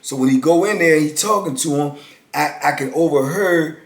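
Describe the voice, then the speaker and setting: A man's voice: fairly high pitch, normal speed, roomy sound. A man in his fifties casually telling a story in a laid-back, slangy way, peppered with "you know.".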